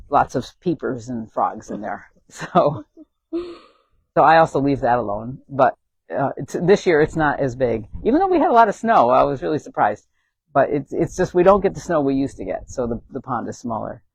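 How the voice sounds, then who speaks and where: A man's voice: medium pitch, sing-song, normal speed, vocal fry, breathy edge, no echo, poor audio. Chuckling man rambling outdoors, dry sound. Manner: rambling with many fillers and chuckles. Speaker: animal sanctuary founder. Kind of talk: casual storytelling on a walking tour. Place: outdoors on a hilltop by a tree.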